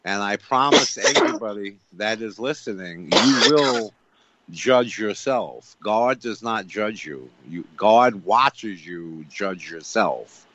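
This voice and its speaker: Low-voiced man preaching emphatically. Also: animated, takes it slowly, crowd noise. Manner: emphatic, repeats lines and rhetorical questions. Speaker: radio show guest. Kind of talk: preachy spiritual talk. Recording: dull lo-fi radio sound.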